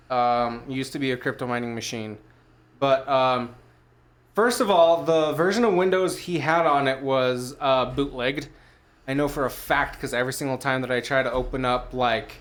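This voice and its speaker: A man with a medium-pitched, fairly bright voice co-hosts a casual podcast chat, telling a long, rambling story full of fillers and casual swearing in a loose, profane style.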